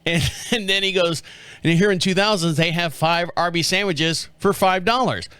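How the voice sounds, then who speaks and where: A middle-aged man from the southern United States hosts a podcast, rambling and joking through casual chat and chuckling often. His voice sits high and moves at a normal speed, sounding pushed, bright and smooth. There is no room sound.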